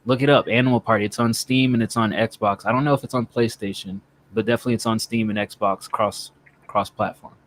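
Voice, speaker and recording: A man's voice: fairly low pitch, fairly quick, slight background noise. A man co-hosting a podcast, retelling a co-op game session with acted-out quotes and plenty of swearing. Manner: animated storytelling, acting out quotes, profane. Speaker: podcast co-host. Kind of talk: casual chat.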